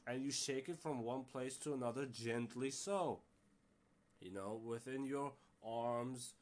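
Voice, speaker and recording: A man talks through a casual solo podcast episode in a loose, rambling way. He stumbles over restarts and fillers and leans into an exasperated, ranting tone. His voice sits at an ordinary middle pitch for a man. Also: measured pace, a little mellow. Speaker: podcast host.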